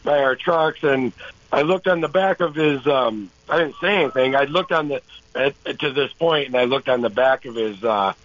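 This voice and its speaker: A man calling in to a talk show, telling a story in a rambling, halting way with lots of restarts. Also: medium pitch, fairly bright tone. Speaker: caller. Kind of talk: casual storytelling. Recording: dull lo-fi phone-in audio.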